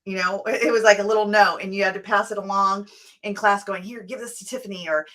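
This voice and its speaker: A middle-aged woman co-hosting a casual talk show, talking easily and slipping into quoted dialogue. Her voice is crisp and bright, set at an ordinary pitch for a woman. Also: little pitch movement, fast talker. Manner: conversational, quotes remembered dialogue. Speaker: co-host.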